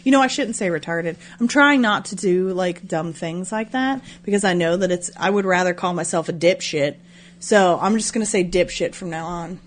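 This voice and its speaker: A woman's voice: on the low side, normal speed. 30s woman on a podcast, swears constantly, makes fun of herself, casual chat. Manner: profane, self-mocking, laughs often. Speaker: podcast co-host.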